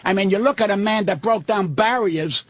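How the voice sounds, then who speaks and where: A man's voice: high voice, moderate pace, dry recording. An older man, a guest comedian on a radio show, ranting brashly and swearing constantly.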